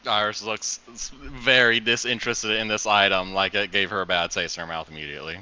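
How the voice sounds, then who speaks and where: A man's voice: lowish voice, fairly even intonation, a little fast, sharp tone, clean tone, rough recording. A man playing a tabletop game, plain and matter-of-fact as he bids and describes his character. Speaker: player. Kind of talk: casual tabletop play.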